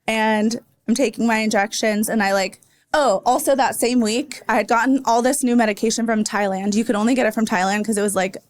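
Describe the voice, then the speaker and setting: A woman in her thirties, a podcast host telling a long personal story at a live event in a casual, chatty way full of fillers. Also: on the high side. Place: live event before an audience.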